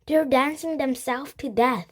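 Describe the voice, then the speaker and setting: A woman reading aloud who voices a brave, energetic young girl with high, loud, urgent calls. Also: a little slow, slightly rough.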